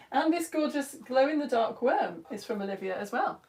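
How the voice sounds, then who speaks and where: A woman, hosting a live science stream and chatting excitedly with viewers, her voice a little tired. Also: sits high, unhurried, pauses often. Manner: animated, reads comments aloud, jumps between loud greetings and quiet asides. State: tired voice at end of term. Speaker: science show presenter.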